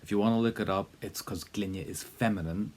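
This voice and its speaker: Talking a little fast, a male language teacher runs a spoken lesson, relaxed and encouraging, with fillers and repeated cues to say every phrase out loud. His voice is very deep with a husky grain.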